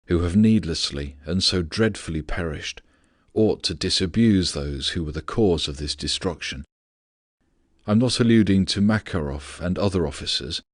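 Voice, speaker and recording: A man narrating a philosophical audiobook in a measured, steady reading voice. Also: low-pitched, dry recording, studio quality.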